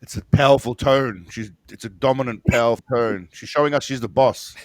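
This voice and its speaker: A man's voice: medium pitch, fairly quick, dry recording. A man co-hosting a movie riff stream in casual banter, tossing in dry jokes. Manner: joking, dry asides.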